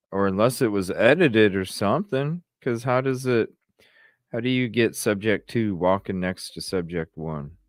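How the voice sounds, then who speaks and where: A man with a very low voice hosts a late-night podcast, sounding tired and yawning as he chats loosely with his viewers. He swears freely and reacts to their comments as they come in. The sound is dry and close, with faint music underneath. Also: no room sound. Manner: casual, swears freely, reads and answers chat. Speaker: podcast host.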